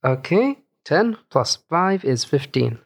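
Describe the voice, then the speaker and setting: A player in a tabletop game, talking in a joking, expressive way. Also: mid-range voice, slow pace, slight background noise. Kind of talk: casual tabletop game play.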